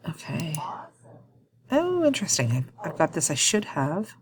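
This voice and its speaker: A woman walking through a software task in a screen-recorded tutorial, thinking aloud with frequent ums and quick self-corrections. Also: deep voice, huge pitch swings, noisy background. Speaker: instructor.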